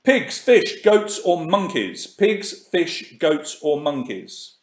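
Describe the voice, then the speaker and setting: Male quiz host, chatty and upbeat, slightly higher voice, echoey room. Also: big pitch swings, slow pace. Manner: chatty, reads questions and options twice. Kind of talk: live online quiz hosting.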